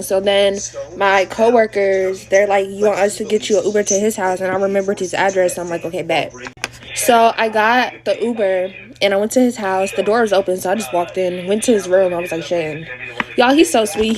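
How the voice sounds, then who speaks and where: A teenage girl talks into her phone while getting ready. She tells her story in a chatty, slangy, animated way, the way a creator does a get-ready-with-me storytime. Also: medium pitch. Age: teens. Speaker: TikTok creator. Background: TV playing.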